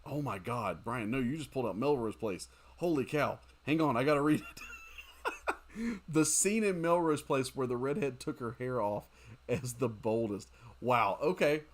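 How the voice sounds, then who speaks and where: A man's voice: mid-range voice, moderate pace. A man streaming a mobile game, chatting casually with his viewers and using lots of fillers like "dude" and "um". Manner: chatty and animated, talking to chat with fillers like "dude" and "um". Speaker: gaming streamer. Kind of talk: casual livestream chat while gaming.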